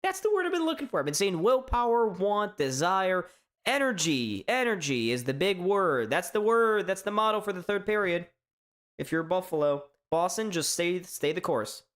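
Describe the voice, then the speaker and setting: A man from hosting a live sports reaction stream, chatting casually in a strained, hoarse voice, rambling and stammering through restarts. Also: high-pitched, lively intonation, normal speed, fairly bright tone. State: voice straining from shouting. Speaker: sports fan livestream host.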